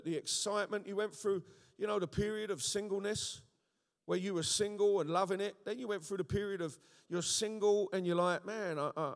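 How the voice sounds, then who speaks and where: A man preaching an animated sermon, often checking in with his listeners. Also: high voice. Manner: animated, rhetorical, frequent call-and-response checks. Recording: echoey hall with long reverb.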